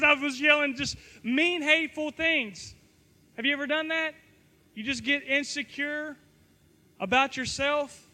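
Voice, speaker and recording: A man's voice: very high-pitched, pushed and bright. A middle-aged man giving a sermon, telling a self-mocking personal story to a live audience in a playful, joking way. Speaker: youth pastor.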